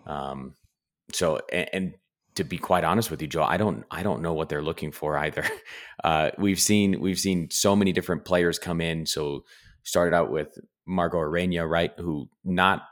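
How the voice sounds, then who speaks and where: A man with an extremely deep voice co-hosting a casual podcast. He talks in a relaxed, hesitant way, filling pauses as he looks for his point. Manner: relaxed, hesitant, many fillers. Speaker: podcast co-host.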